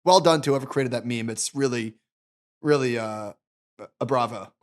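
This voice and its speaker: A man co-hosting a finance podcast, chatting casually, animated and restarting sentences often. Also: medium pitch, moderate pace. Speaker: podcast co-host.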